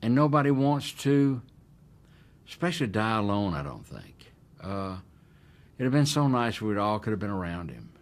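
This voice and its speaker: An older man, recalling events in a documentary interview and acting out the dialogue forcefully. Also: on the low side, sing-song, normal speed. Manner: emphatic, acts out quoted dialogue.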